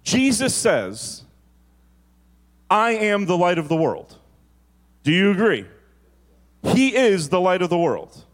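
A man preaching a sermon as pastor, moving from quick storytelling to slow, drawn-out emphasis on key phrases. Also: sits high, big pitch swings.

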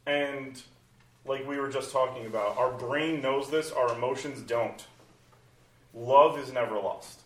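A man preaching a sermon, animated, moving between loud exclamations and soft hushed passages. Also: medium pitch, measured pace. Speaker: pastor. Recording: roomy, from far off the mic.

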